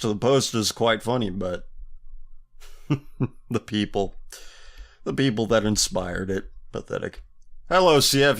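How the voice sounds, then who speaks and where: A man's voice: lowish voice, fairly bright tone. A man hosting a casual podcast, reading listener messages and answering them in a sarcastic, mocking manner with frequent laughter. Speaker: podcast host.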